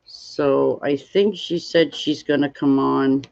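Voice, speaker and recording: Tired and yawning, a woman hosts a casual crafting livestream, rambling slowly, greeting viewers and reading chat aloud. Her voice is extremely low with vocal fry, a darkish tone, and fairly even intonation, heard through dull lo-fi stream audio.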